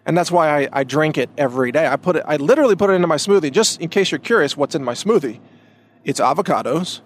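A man's voice: fairly high pitch, expressive, fast, a little hiss or hum. A man hosting a podcast, talking in a casual monologue that rambles and restarts, with emphatic stresses. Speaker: podcast host.

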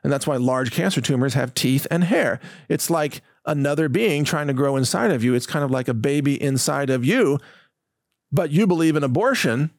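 A man's voice: a little high, expressive, moderate pace, no echo, studio quality. A man hosting his own show, delivering an emphatic, indignant, mocking monologue. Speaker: host. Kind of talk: ranting monologue.

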